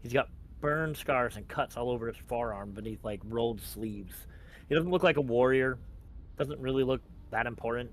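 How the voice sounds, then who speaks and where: A man's voice: mid-range voice, normal speed, a little hiss or hum. A man narrating a tabletop game as game master, casual and rambling. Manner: casual, rambling with many likes.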